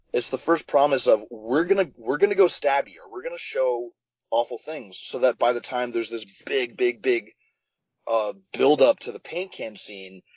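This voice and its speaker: A man talks through his filmmaking choices in a podcast interview, full of fillers and quick restarts. The sound is dry and close, a little dull and lo-fi. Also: medium pitch, no echo. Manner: animated storyteller, many fillers and restarts. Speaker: film director guest.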